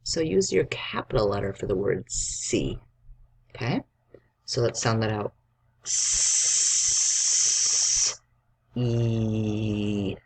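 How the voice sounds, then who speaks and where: Slow, husky-voiced man teaching spelling. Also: lowish voice, darkish tone. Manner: slow, patient dictation, sounding out letters for young pupils. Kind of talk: children's spelling lesson.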